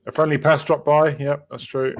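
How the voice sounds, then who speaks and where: A man hosting a casual gaming podcast, swearing freely and wrapping up the show with shout-outs. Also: on the high side, little pitch movement, normal speed. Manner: loud, swearing, upbeat sign-off. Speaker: podcast host.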